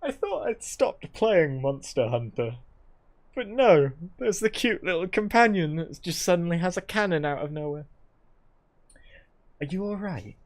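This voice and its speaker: A man's voice: sits high, expressive, normal speed. A man streaming a game, reading tutorial text and making playful, joking asides. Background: game music.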